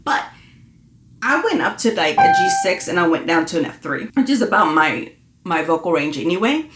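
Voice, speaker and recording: A woman's voice: fairly low pitch, big pitch swings, moderate pace, over loud music. A woman vocal coach leading an online singing lesson, encouraging and demonstrating exercises. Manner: encouraging, demonstrates with sung hoots. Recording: echoey room.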